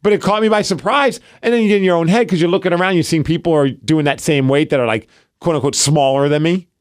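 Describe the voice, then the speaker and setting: A man in his thirties co-hosts a casual podcast, telling stories animatedly and poking fun at himself. He acts out his own inner thoughts, speaking quickly in a voice on the high side.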